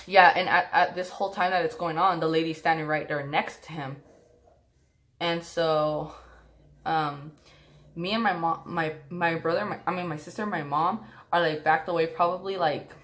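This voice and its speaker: A woman's voice: deep voice, fairly bright tone. A young woman casually telling a personal story to her viewers, rambling with lots of fillers and restarts.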